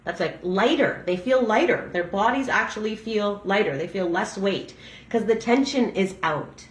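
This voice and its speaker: A middle-aged woman, a massage therapist, giving a reflective talk on a daily reading, speaking gently with frequent restarts and fillers. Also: medium pitch, normal speed, roomy sound. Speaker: massage therapist and breathwork facilitator.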